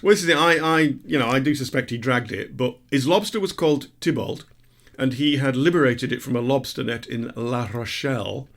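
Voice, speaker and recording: A man's voice: medium pitch, a little fast, gravelly, few pauses, fairly bright tone. A man co-hosting a podcast in casual chat, with dry, self-mocking asides. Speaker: podcast co-host.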